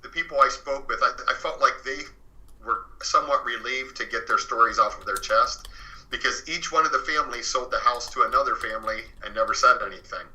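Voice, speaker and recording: Guy on a radio show telling his story, really bright sharp voice, middle pitch, keeps saying you know and restarting. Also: a little fast, low-quality recording. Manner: rambling, fills with "you know" and restarts, retells others' words. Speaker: guest author recounting a haunted house. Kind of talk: casual spoken storytelling. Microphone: phoned or studio radio interview.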